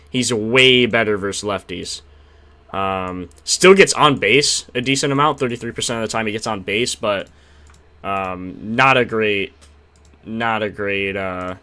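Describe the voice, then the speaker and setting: A young man live-streaming casual chat about betting picks, excitable and slangy, thanking subscribers and trailing off into mumbled fillers. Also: on the low side, smooth.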